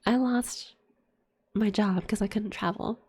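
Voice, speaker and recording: A young woman talks in a whispered ASMR chat, her voice airy and breathy at an ordinary middle pitch. She tells her story candidly with plenty of fillers and swearing. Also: steady tone, unhurried, darkish tone. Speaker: streamer.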